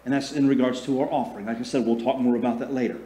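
A man preaching a sermon as a pastor. He calls on the congregation to respond and swings between loud emphasis and soft, slow passages. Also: mid-range voice, fairly even intonation, slight background noise. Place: church sanctuary. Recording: echoey room.

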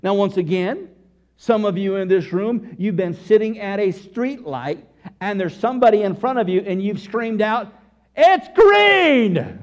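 A man preaching a sermon to his congregation, full of rhetorical questions and sudden shouted bursts. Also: sits high, normal speed, muffled recording. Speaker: pastor.

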